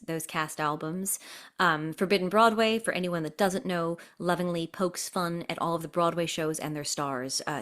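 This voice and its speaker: A lively woman guest spins a long story in a chatty, animated way and keeps breaking into little voices. Her voice sits a touch low for a woman. She comes through a video call. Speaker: guest performer and impressionist. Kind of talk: casual interview storytelling.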